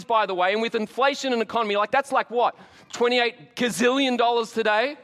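A high-pitched Australian man preaching with animated, joking storytelling. His voice rings out with a long reverb from a church hall. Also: a little fast. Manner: animated storyteller, jokey asides. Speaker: pastor. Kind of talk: Easter sermon.

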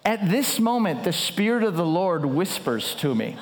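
A man in his thirties, a pastor preaching a sermon and telling a story with animated energy and frequent restarts. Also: sits high, moderate pace, few pauses. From United States.

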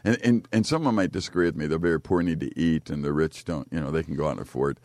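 Deep-voiced American man, dry studio sound. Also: fast talker, darkish tone, no echo. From United States. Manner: chatty, jokey, earnest preaching tone. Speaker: radio co-host. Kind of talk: casual faith talk-radio chat. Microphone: studio microphone.

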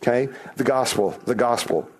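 Male pastor, sermon delivery, mid pitch, casual and conversational, questions to the congregation. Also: expressive, normal speed. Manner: acts out quoted voices with rising pitch.

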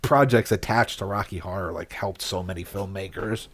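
Deep husky man telling a story. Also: moderate pace, fairly bright tone. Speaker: podcast co-host. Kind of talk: casual movie chat.

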